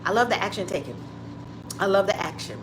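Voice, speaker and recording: A woman's voice: mid-range voice, animated, fairly quick. A woman hosting a casual livestream from home, greeting viewers by name with lots of exclamations. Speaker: livestream host. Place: home room with window open. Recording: noisy home livestream audio.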